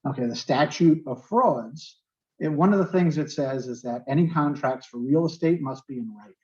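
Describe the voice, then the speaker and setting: A man's voice: mid-range voice, quick pace, a little mellow, highs cut off. A man with a New York accent teaching a real estate class and explaining terms with everyday examples, often checking in with "okay". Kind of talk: online class lecture.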